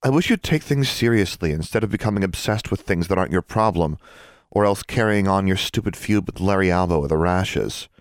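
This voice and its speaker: A serious, worried schoolgirl scolds in a reproachful tone, carried by a deep male reader's voice raised slightly, as a man plays her. Close, dry storybook sound. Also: fairly quick, no room sound, lightly acted.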